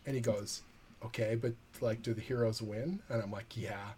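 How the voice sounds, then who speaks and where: A man, a comic book writer, telling a lively anecdote in a podcast interview and acting out the quoted dialogue. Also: medium pitch, moderate pace, a little hiss or hum.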